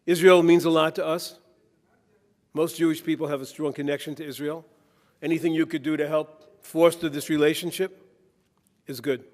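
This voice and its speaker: A man stands before a conference audience, telling stories and jokes with a preacher's rhythm. His voice sits a little high for a man. The long reverb of the hall trails each phrase. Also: fairly even intonation, normal speed. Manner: anecdotal, tells jokes with a preacher's cadence. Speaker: keynote speaker. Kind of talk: conference keynote speech.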